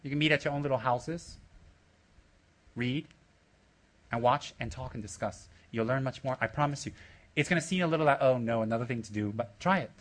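At a normal speed with frequent pauses, a medium-pitched male spiritual teacher teases and rambles to his students. He jokes, is playfully rude, laughs often and has loud bursts of excitement while coaxing the room with questions.

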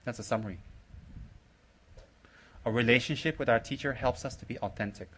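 Man, Buddhist teacher, informal talk, bright ringing tone, jokey, blunt. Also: mid-range voice, a little fast, breathy edge. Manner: teasing, jokey, blunt short phrases.

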